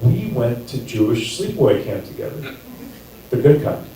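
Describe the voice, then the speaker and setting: A man performing a stand-up set, telling a story and acting out his own excited reactions. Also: mid-range voice, normal speed, very noisy. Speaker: stand-up comic. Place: comedy theater stage. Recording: echoey theater, mic at distance.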